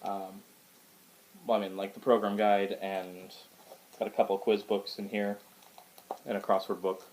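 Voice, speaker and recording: A man's voice: lowish voice, little pitch movement, moderate pace, long pauses, a little mellow, rough recording. A man casually showing his book collection to the camera in a rambling, hesitant way, with lots of fillers and restarts. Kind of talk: casual show-and-tell vlog. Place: indoors at home.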